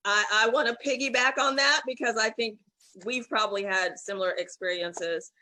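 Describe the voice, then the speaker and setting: A woman's voice: on the high side, fairly even intonation, moderate pace, bright, forceful tone, poor audio. A woman panel guest speaking candidly and directly about her opinions. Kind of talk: candid conversation.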